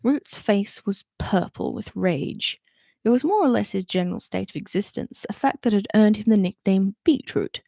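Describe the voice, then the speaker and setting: A woman's voice: medium pitch, gravelly, warm tone, no room sound, studio quality. A woman reading a novel aloud and doing voices for the characters, with chatty asides between passages. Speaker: reader.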